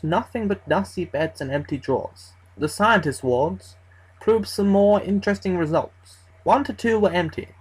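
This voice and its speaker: Husky breathy creepypasta narrator, chatty and sweary, mid pitch. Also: darkish tone, poor audio. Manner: casual and profane, conversational storytelling. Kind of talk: first-person horror story narration.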